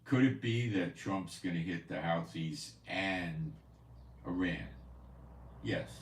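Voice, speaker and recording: Slow, low-voiced man in an echoey room. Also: distant mic, a little hiss or hum. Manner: rambling, repeats himself. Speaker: host of a prophecy news channel. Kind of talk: casual commentary. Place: home in Israel.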